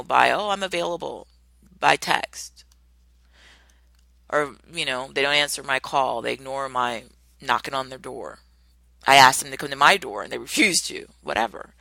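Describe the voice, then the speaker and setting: A woman hosting a solo podcast as a coach, talking in an animated way and acting out the people she quotes with big exclamations. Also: rumbling low, vocal fry, dry recording, poor audio.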